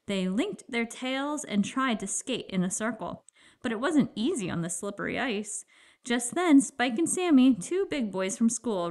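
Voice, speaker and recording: A woman's voice: mid-range voice, normal speed. Woman reading a children's book aloud. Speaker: storybook narrator.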